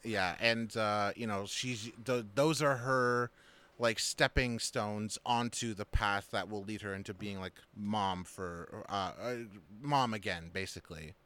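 A man's voice: fairly low pitch, unhurried, sharp tone, clear, resonant tone. A man co-hosting a podcast, talking casually about a film in rambling sentences full of fillers and restarts. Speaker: podcast co-host.

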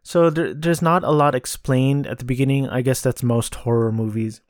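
A man's voice: medium pitch, steady tone, moderate pace, darkish tone, no room sound, studio quality. A man hosting a podcast, casually reviewing a film with frequent ums and restarts. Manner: hesitant, many ums and restarts. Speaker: podcast host.

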